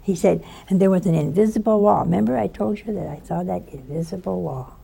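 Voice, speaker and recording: Woman preaching, low gravelly voice with a mellow tone, tells her story with lots of life and acts out the voices. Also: a little fast. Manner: animated storyteller who acts out quoted voices. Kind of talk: spoken sermon with storytelling.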